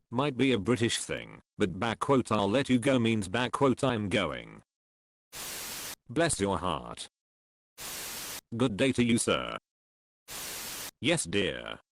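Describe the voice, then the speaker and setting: A man reading online comments aloud in a slow, dry delivery. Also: on the low side, slight background noise.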